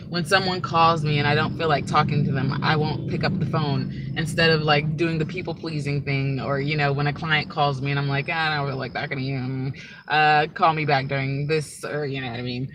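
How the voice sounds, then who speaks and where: A woman's voice: low voice, noisy background. A woman speaking as a spiritual teacher in a casual, rambling monologue, often checking in with "right?" and "like".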